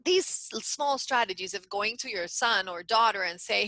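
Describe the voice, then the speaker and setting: A woman's voice: medium pitch, moderate pace, hardly any pauses, dry recording, rough recording. A middle-aged woman coach telling a story in a casual interview, talking in bursts with frequent restarts. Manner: animated storyteller, many restarts. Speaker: guest coach.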